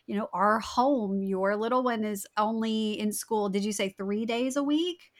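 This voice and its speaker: A woman hosting an interview, encouraging her guest and asking questions in an unhurried way. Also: mid-range voice. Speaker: podcast host.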